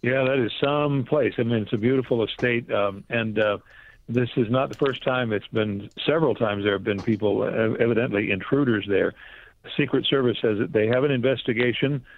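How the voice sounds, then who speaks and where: A male correspondent giving a news report down the line, relaxed and rambling with fillers. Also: mid-range voice. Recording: tinny phone line.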